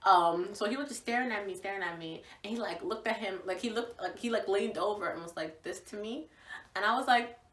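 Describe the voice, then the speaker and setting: A young woman from Virginia, casually telling a story to the camera in an animated, gushing way, acting out what people said. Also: medium pitch, brisk. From Virginia, USA. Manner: animated, gushing, acts out quotes. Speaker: vlogger. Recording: echoey room, voice from far off.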